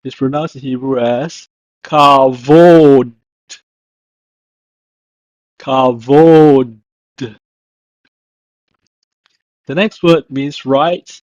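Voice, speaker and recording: A man teaching a language lesson, speaking slowly and deliberately and repeating each word to show how it is pronounced. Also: medium pitch, darkish tone, dry recording. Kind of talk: slow instructional narration. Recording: dull lo-fi dry voice-over.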